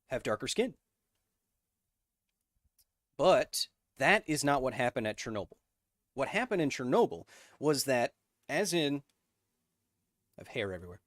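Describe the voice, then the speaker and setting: A man hosting a science livestream, chatting casually and reading out viewer donations in an upbeat, joking way with bursts of excitement. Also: medium pitch, dry recording, studio quality. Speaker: science YouTuber host.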